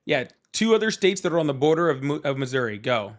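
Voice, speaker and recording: A man hosting a live call-in talk show, teasing callers with quick, casual jokes. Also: a little high, big pitch swings. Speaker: host.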